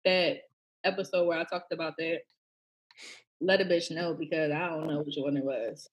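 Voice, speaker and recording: A woman's voice: low voice, flat delivery, normal speed, lo-fi sound. A woman co-hosting a podcast, telling stories in slangy casual chat, often breaking into laughter. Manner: loud, laughing, slangy storytelling. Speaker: podcast co-host.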